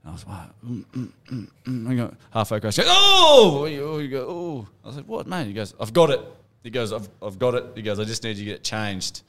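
Man, Australian accent, lowish voice, casual storyteller, crude humour, swearing. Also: fast, hardly any pauses. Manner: animated, acts out dialogue in a funny story, swears. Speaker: podcast co-host. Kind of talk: casual joke-telling among mates.

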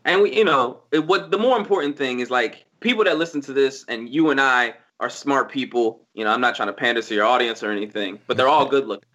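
A man talking on a podcast in casual chat, animated and emphatic, swearing freely as he argues his point. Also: mid-range voice, quick pace, few pauses. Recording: dull lo-fi recording.

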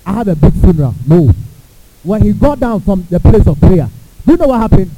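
A man's voice: high-pitched, a little fast. A man preaching a sermon as pastor, acting out quotes and asking the congregation questions. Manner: animated preaching, acts out quotes, asks the crowd questions. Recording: tinny phone-like sound with faint hiss.

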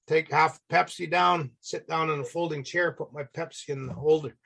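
A middle-aged man telling a casual, salty story as a podcast guest, acting out the people in it with animated voices. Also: a little high, normal speed, creaky, slightly rough.

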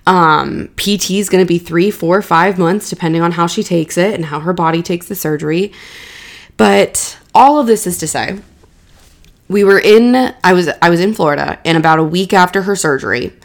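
A woman's voice: on the low side, moderate pace. A young adult woman hosting a solo podcast, telling a personal story candidly and repeating words for emphasis. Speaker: podcast host.

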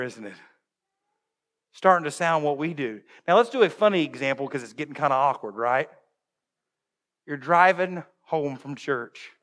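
A male pastor preaching a humorous, animated sermon and acting out voices, recorded in a church. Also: on the high side, big-room sound.

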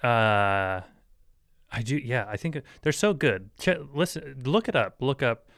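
A man's voice: medium pitch, expressive, unhurried, fairly bright tone, no room sound, studio quality. A man hosting a solo podcast in a casual, rambling way, full of fillers and restarts, often laughing at his own jokes and dropping mock-serious asides. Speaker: podcast host.

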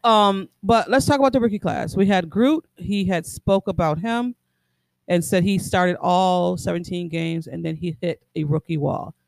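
High gravelly man, casual chat. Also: moderate pace, no echo. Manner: laid-back, rambling, stumbles over names. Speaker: podcast co-host. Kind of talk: casual sports podcast chat.

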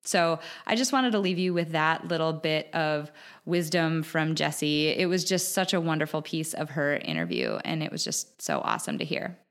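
A woman in her thirties talks through her own podcast from home, enthusiastic and loose, with plenty of ums along the way. Her voice sits a little low for a woman. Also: sing-song, moderate pace. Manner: chatty, enthusiastic, filler-heavy. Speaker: podcast host. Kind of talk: casual solo podcast talk.

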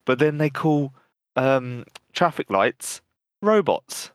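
A man's voice: mid-range voice, big pitch swings, slow pace, dry recording. A man co-hosting a podcast, laid-back and slangy, laughing through casual banter. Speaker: podcast co-host.

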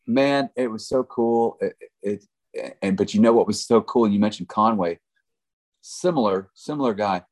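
A man's voice: lowish voice, moderate pace, a little mellow. A middle-aged man, a country musician guest, telling stories in a laid-back, rambling way with lots of fillers. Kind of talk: casual storytelling chat.

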